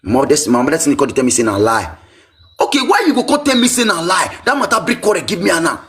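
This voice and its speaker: A man with a Nigerian Pidgin accent, telling his own life story in an emotional, repetitive way. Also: racing. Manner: animated, pitch swinging high and low, repetitive.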